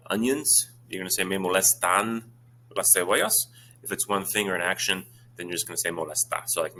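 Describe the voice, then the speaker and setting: A man, a Spanish teacher talking his students through exam questions in a brisk, informal way with many fillers. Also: low voice, pushed and bright, a little hiss or hum.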